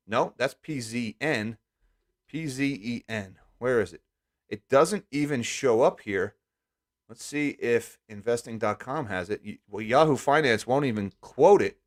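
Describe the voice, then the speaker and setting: A man hosting a casual finance live stream, reading viewer comments and answering with sarcastic asides. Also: medium pitch. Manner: sarcastic, reads and thanks viewer super chats.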